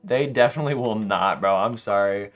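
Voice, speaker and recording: A young man streaming a game late at night, chatting casually to his viewers and telling animated, slangy stories. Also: lowish voice, fairly quick, muffled recording. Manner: animated storytelling, slangy, laughs often. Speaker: live streamer. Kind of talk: casual livestream chat while gaming.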